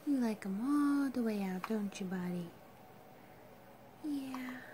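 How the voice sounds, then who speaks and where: A mother cooing soft, tender baby talk to her infant, often half-whispered, at home. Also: a little high, animated, takes it slowly, slight background noise.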